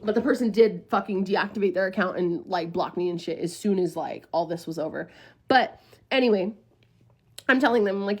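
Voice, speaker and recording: A woman's voice: mid-range voice, normal speed, husky. A young woman in her early twenties telling a personal story in casual storytime style, blunt and profane, acting out the other people's lines. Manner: blunt, profane, dramatic retelling with quoted voices.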